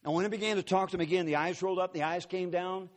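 A man preaches in a big auditorium, his voice pitched somewhat high. He tells his story earnestly and dramatically, acting out the quotes as he goes. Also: steady tone, very fast. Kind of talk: sermon storytelling. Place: large auditorium.

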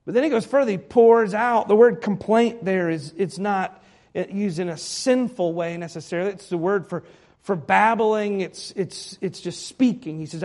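A man with a high voice delivers a sermon. He drops his voice low for quiet moments and then builds to loud, pleading lines, acting out the prayers he reads. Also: expressive, measured pace. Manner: swings from hushed to loud, dramatic pleading quotes. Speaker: pastor.

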